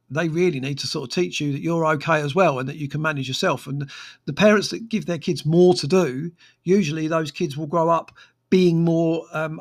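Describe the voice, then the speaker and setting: A man, a therapist talking frankly on his own podcast with many fillers and restarts. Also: fairly high pitch. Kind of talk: casual solo podcast monologue.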